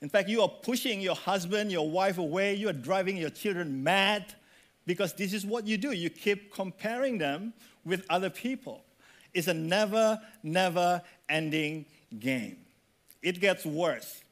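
Male pastor, high voice, lively conversational sermon, prods the congregation with questions. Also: measured pace. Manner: animated, conversational preaching with audience questions.

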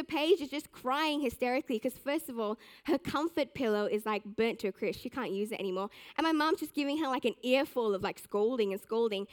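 A young woman giving a sermon, telling a personal story with animated, self-mocking humor. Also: high voice. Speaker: church speaker.

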